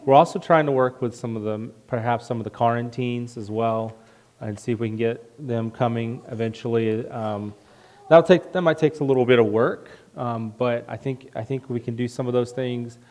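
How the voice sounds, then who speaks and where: A man, the pastor, making casual church announcements, joking and halting with many fillers. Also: mid-range voice, a little mellow. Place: church sanctuary.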